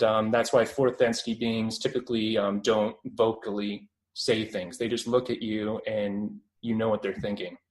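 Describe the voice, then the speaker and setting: A man's voice: lowish voice, rough recording. Canadian man rambling with fillers. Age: 20s. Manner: rambling, many fillers and restarts. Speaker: guest. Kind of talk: casual interview talk.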